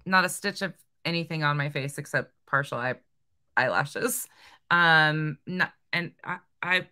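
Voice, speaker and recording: A woman casually commenting on video clips she is watching, with wry, drawn-out asides. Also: fairly low pitch, bright, forceful tone. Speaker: reaction commentator.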